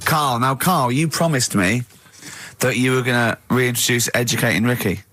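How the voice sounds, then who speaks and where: Bright-voiced radio host, teasing. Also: male voice, medium pitch. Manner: teasing, laughing, quick interjections. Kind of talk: comic radio banter. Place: radio studio. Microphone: studio mic.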